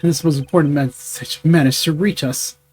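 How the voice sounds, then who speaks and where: A man voicing a composed, formal male prosecutor in a video game, in measured tones. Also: fairly high pitch, steady tone, a little mellow, slight background noise, close to an everyday voice. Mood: calm.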